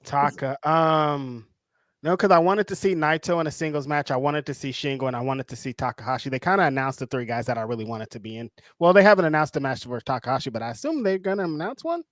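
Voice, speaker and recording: A man's voice: fairly high pitch, lively intonation, fast, no echo, studio quality. A man co-hosting a casual wrestling post-show, joking in laid-back banter. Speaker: co-host. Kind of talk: casual chat.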